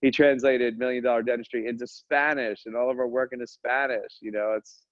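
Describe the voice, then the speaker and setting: A man hosting a casual podcast chat as a business coach, energetic and joking, often drifting into tangents. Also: mid-range voice, a little fast, dry recording, lo-fi sound. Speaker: dental practice business coach, podcast host.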